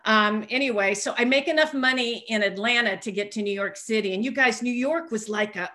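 Bright-toned woman spinning a funny self-roasting recovery story, from east tennessee. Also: a little high. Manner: self-mocking storyteller, comic asides, quick quoted voices. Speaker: recovery speaker. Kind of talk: personal story told to a meeting.

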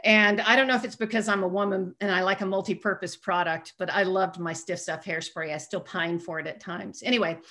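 A middle-aged woman shares a personal recovery story with a group, candid and self-deprecating. Her voice is bright and clear, and the humor comes through in how frankly she tells it. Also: mid-range voice, steady tone, brisk, hardly any pauses.

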